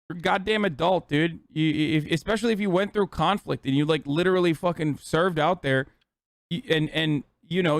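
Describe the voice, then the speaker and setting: A man in his thirties rants angrily into a close, dry mic, with a fairly high voice for a man. He swears constantly and pushes hard at his audience. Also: no room sound. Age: 30s. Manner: angry, profane rant. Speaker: streamer. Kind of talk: heated political commentary.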